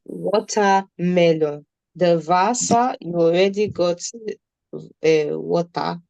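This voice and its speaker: A woman's voice: on the low side, slow pace, gravelly, warm tone, no echo, muffled recording. A woman with a Nigerian accent teaching a beginner German class, patiently repeating words for her students. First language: Nigerian English speaker.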